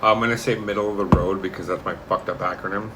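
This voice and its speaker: A man's voice: low-pitched, fairly even intonation, fast, pushed and bright, slight background noise. A man co-hosting a casual whiskey tasting, swearing freely and cracking teasing jokes.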